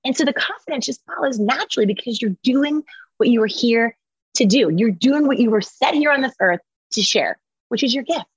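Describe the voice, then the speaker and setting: A woman author and entrepreneur, speaking as an interview guest in an energetic, emphatic, motivational way. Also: on the high side, brisk, husky, dry recording, dull audio. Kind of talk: conversational interview.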